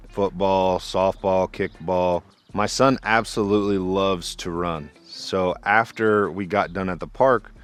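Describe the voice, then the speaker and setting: A young man, a father, telling a casual vlog story about parenting in a relaxed, conversational way. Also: low-pitched. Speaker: parent vlogger.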